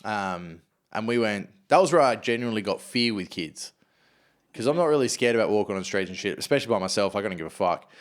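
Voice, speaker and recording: A man's voice: fairly low pitch, animated, fast. A man as a podcast guest, chatting bluntly with crude slang and lots of swearing. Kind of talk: casual chat.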